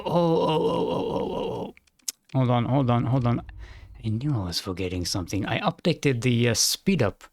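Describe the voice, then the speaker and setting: Playing a video game on stream, a man with a mid-range voice muses aloud, meandering, hesitating and self-correcting. The audio is clean studio sound with no echo.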